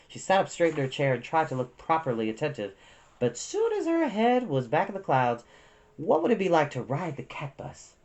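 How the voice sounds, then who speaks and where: A woman reading a novel aloud with expressive storytelling. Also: deep voice.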